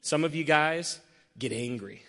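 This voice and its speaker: A man preaching a sermon, telling an everyday story and acting out its scenes with lively shifts in voice. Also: on the high side, measured pace. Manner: animated, acts out scenarios with changing voices. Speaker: pastor. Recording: long hall reverb.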